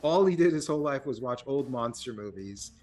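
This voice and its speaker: A man co-hosting a casual film podcast, telling stories in a rambling, animated way and laughing at himself. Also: mid-range voice, brisk, faint music behind. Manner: rambling, animated storytelling with self-mocking laughs. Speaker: podcast co-host.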